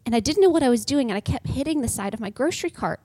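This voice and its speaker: A woman's voice: on the high side, expressive, racing, warm tone, breathy edge, no echo. A woman on a podcast telling a humorous, self-deprecating personal story in a casual way. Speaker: podcast guest.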